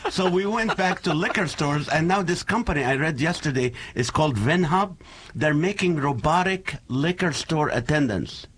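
A man in his forties from the Middle East, whose first language is Arabic, telling jokes with animated, laughing asides as a guest. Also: a little high, a little hiss or hum. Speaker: comedian guest. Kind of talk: joking storytelling, then earnest talk.

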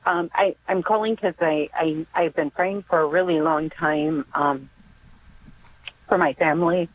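An older woman calling in to a radio show, speaking hesitantly with many pauses and fillers. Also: low-pitched, fairly even intonation, slight background noise. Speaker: caller. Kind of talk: call-in radio prayer request. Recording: tinny phone line.

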